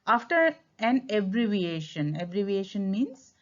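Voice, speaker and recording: A woman's voice: mid-range voice, big pitch swings, unhurried. Indian english lady teacher doing a grammar class, stretches key words, kinda muffled lo-fi sound. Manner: switches to Hindi to explain. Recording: dull lo-fi sound.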